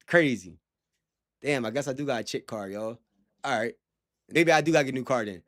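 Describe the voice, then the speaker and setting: A man's voice: medium pitch, animated, a little fast, long pauses, fairly bright tone. A young man talking casually to his livestream chat, rambling with lots of slang and frequent laughter.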